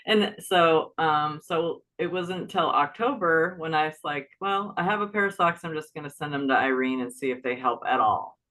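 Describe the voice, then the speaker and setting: Bright-voiced woman chatting casually. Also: low voice, normal speed, few pauses, poor audio. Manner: relaxed, chatty, filler-heavy. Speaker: friend and co-guest. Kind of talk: casual conversational chat.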